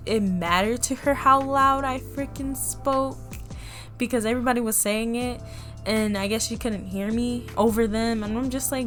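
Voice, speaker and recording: A young woman casually telling a personal story to the camera, animated and often laughing as she acts out what people said. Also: on the high side. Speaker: vlogger.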